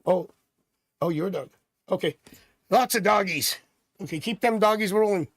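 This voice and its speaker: A man's voice: high voice, moderate pace, pauses often, a little hiss or hum. A middle-aged man from Canada doing a live tarot reading, chatty and rambling with jokey asides. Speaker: tarot reader.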